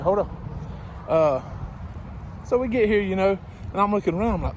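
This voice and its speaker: A man's voice: high-pitched, animated, fast talker, long pauses. A man telling a casual story beside his parked truck, laughing often and acting out conversations. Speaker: truck driver vlogger. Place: outdoors by a parked truck in strong wind. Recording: windy outdoor noise. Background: wind and passing traffic.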